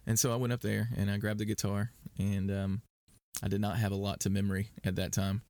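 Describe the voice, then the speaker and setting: A man's voice: on the low side, little pitch movement, fairly quick, a little mellow, dry recording. A man chatting as a guest on a faith podcast, rambling with fillers and restarts as he tells stories. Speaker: worship leader and podcast guest. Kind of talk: casual conversational interview.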